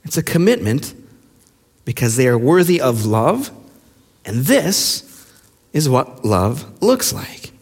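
A male pastor preaching a sermon with passion, firing rhetorical questions and dropping to hushed lines. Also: medium pitch, sing-song, slow pace, long pauses. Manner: impassioned, with rhetorical questions and sudden hushed drops. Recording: long reverb of a large hall.

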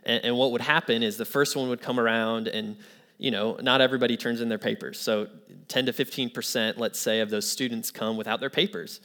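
A man's voice: medium pitch, steady tone, a little fast, a bit bright. Man preaching a sermon with a story. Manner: storytelling with quoted voices, then earnest preaching. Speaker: pastor.

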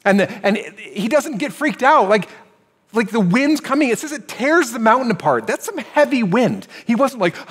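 A man preaching a sermon as pastor, in a conversational style that swings between hushed, low moments and animated passages. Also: normal speed, in a large hall.

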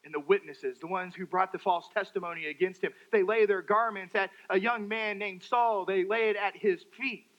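A man preaching a sermon, dramatic, swinging from loud outbursts to hushed, quiet phrases. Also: high voice, steady tone, normal speed, few pauses, muffled recording.

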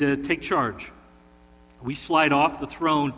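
Bright-voiced pastor in a reverberant church. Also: male voice, a little high, a little slow. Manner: conversational, folksy, asks the congregation questions. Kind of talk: sermon with opening prayer. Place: church sanctuary.

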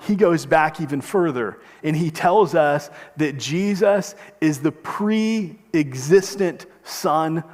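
A man with a fairly high voice preaches a sermon in earnest, pushing his voice up and pulling it back down to stress his points. His words ring out with the long reverb of a church hall. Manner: earnest preaching, emphatic rises and drops. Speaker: pastor.

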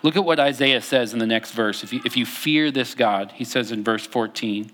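A man's voice: medium pitch, normal speed, hardly any pauses, a bit bright. A young man preaching a conversational sermon, with frequent fillers and restarts as he reads scripture aloud. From Texas. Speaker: pastor.

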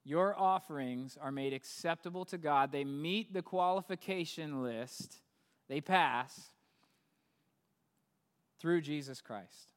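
A man's voice: a little high, unhurried, clear, resonant tone. A man preaching a sermon as pastor, talking conversationally and building to emphatic peaks. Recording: long hall reverb.

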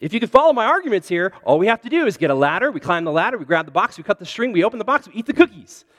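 A man voicing an excitable male toad with a sweet tooth, reading a children's story aloud in a sermon. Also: sits high, brisk, breathy edge, in a large hall, exaggerated voice. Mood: wheedling.

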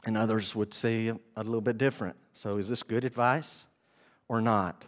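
A male pastor preaching a sermon, animated and often asking the congregation questions. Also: lowish voice, moderate pace.

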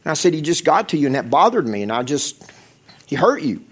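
A male pastor preaching a sermon, swinging from loud exhortation to hushed, intense storytelling. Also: on the high side, sing-song, a little fast, breathy edge.

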